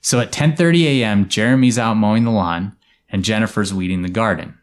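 Here a very low-voiced man recounts a story for his fellow hosts at a fairly quick pace. The chat is easygoing and the studio feel is casual, with his explanatory telling slipping now and then into quiet asides.

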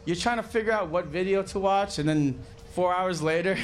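A man's voice: sits high, slight background noise. A man co-hosting a talk show, telling crude jokes and laughing easily. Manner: crude, joking, quick to laugh. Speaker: co-host. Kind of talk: casual podcast banter.

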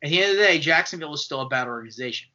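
A man co-hosting a casual sports podcast, animated and argumentative, acting out quoted voices as he makes his point. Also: a little high, very fast. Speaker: podcast co-host. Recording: dull lo-fi podcast audio.

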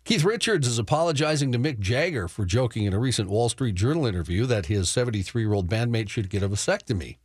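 A man's voice: medium pitch, animated, fast, few pauses, husky, no echo. A man reading the news on a sports talk radio show, matter-of-fact and chuckling between stories, in a studio. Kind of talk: reading news updates with banter.

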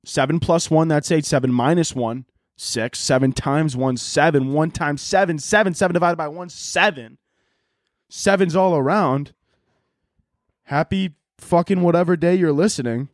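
A man's voice: fairly high pitch, normal speed, no room sound, studio quality. A man hosting a solo podcast from home, riffing in loose, profane, rambling comic rants. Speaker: podcast host. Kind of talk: casual solo podcast monologue.

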